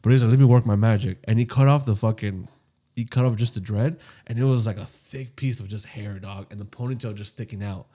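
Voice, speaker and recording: A man co-hosting a casual podcast, telling a long story with lots of swearing, swinging between loud and quiet. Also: on the low side, brisk. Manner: profane, animated storytelling that swings loud and soft. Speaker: podcast co-host.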